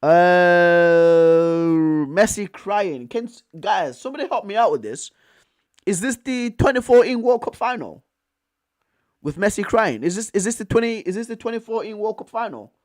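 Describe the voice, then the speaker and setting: Slangy young man, higher voice. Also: normal speed. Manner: slangy, excitable, repeats himself with bro and fam. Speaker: streamer. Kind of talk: casual live commentary reacting to chat.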